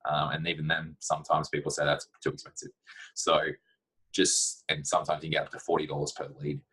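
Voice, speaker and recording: A man's voice: a bass voice, flat delivery, a little fast, bright, forceful tone, husky, rough recording. A man giving blunt, practical career advice in a casual talk to camera, with plenty of fillers.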